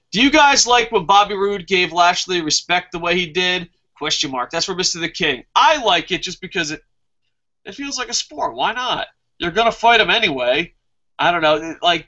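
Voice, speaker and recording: A man with a high, bright voice hosts a casual wrestling review and answers viewer comments. He gets heated and swears freely as he rants. The recording is muffled and lo-fi. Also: sing-song, moderate pace. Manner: heated, profane ranting.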